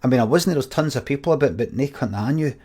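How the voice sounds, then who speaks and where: A man's voice: medium pitch, lively intonation, quick pace, darkish tone, slightly rough. A Scottish man in his forties, rambling and swearing as he tells a story to his viewers on a stream.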